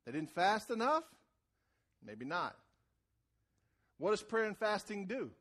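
A man preaching a sermon in a conversational way, repeating words as he starts phrases and rising to loud, shouted emphasis. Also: sits high, big pitch swings, takes it slowly. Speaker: pastor.

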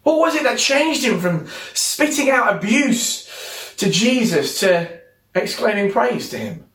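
A man hosting an online church talk, chatty and animated, with joking asides before a devotional message. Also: sits high, unhurried, roomy sound.

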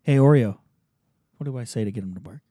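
A man co-hosting a casual show, chatting in a playful, animated way and laughing often. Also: medium pitch, quick pace, no echo, clean studio sound. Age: adult, married. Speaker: podcast co-host. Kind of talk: casual banter.

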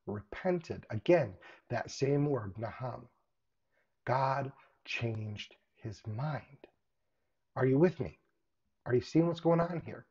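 A man delivering an online sermon in an animated, casual way, with colloquial asides and hushed emphasis. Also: medium pitch. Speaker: preacher. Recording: dull lo-fi recording.

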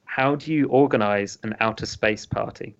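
A man's voice: fairly low pitch, normal speed, dull audio. A man co-hosting a podcast, chatting casually and poking fun at himself while telling dad jokes. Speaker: podcast co-host.

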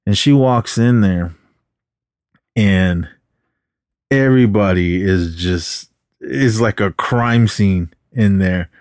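A man's voice: on the low side, slow pace, long pauses, darkish tone, no room sound, clean studio sound. A man hosting a podcast, casually recapping a movie in a rambling way and acting out the characters' lines. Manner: rambling retelling with acted quotes. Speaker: podcast host.

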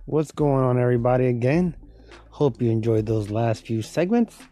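Casting: drowsy male podcast host, mellow low-key tone, rambling chat. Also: lively intonation, moderate pace, faint music behind. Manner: rambling, thinking aloud. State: sleepy, yawning. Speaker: host of a voiceover show.

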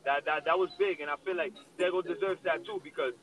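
A man's voice: fairly high pitch, fairly even intonation, fast talker, muffled recording. A man hosting a casual chat, making emphatic arguments and leaning on fillers like "you know what I mean.". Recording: distant mic, faint background noise.

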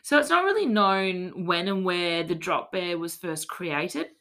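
A woman's voice: lowish voice, expressive, measured pace, pushed and bright. An Australian woman hosting a casual podcast, telling a tall tale in a mock-serious, playful way. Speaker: podcast host.

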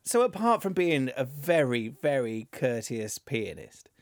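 Chatty podcast host, dry sound. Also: male voice, medium pitch, sing-song, unhurried, dry recording, faint music behind. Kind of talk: casual chat.

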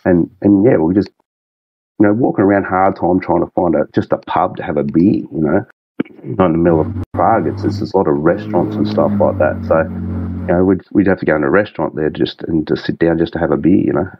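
Deep-voiced Australian man, rambling. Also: breathy edge, muffled recording. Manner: rambling, halting, full of restarts and fillers. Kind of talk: casual chat.

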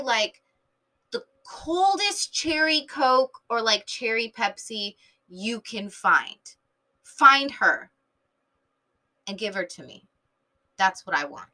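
Animated, swearing podcast woman from San Diego. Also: medium pitch. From San Diego, Southern California. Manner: animated, filler-heavy, swears freely, jumps between tangents. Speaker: podcast host. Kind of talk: casual rambling monologue.

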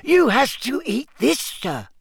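A man voicing an earnest, squeaky male house elf who speaks in broken grammar. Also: huge pitch swings, takes it slowly, creaky, breathy edge, no room sound, heavily acted. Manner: broken grammar, eager, servile.

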